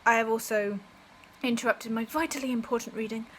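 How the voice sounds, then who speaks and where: A woman with a fairly high voice chats casually to camera in a book vlog. She gushes and bubbles with enthusiasm and breaks into laughter easily. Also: fairly even intonation, fairly bright tone, slight background noise, rough recording. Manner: bubbly, gushing, quick to laugh. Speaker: book vlogger.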